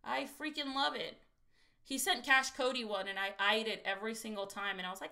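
A woman from Texas hosting a casual lottery scratch-off livestream, chatty and excitable and talking straight to her viewers. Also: a little high, fairly quick, vocal fry. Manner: chatty and excitable, keeps saying "you guys".

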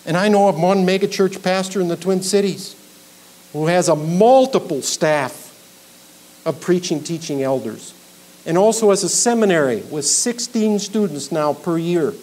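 A middle-aged male pastor preaching an expository sermon, emphatic, building to loud peaks on key points. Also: high-pitched, moderate pace, low-quality recording. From Minnesota.

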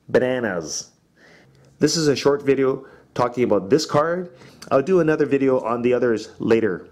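A man, an English teacher, talking to other teachers and slowly modelling classroom questions and answers. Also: medium pitch, expressive, darkish tone. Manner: slow, clearly modelled classroom phrases. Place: teaching in Japan.

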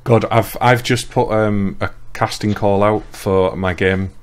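A man co-hosting a casual gaming podcast, telling stories in a rambling, animated way. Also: fairly low pitch, unhurried. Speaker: podcast co-host. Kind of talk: casual chat.

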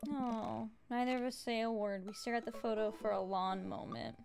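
A woman's voice: a little high, fairly even intonation, moderate pace, gravelly. A woman streamer reading game dialogue aloud and chatting playfully, with music behind her. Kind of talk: reading game text aloud, casual chat.

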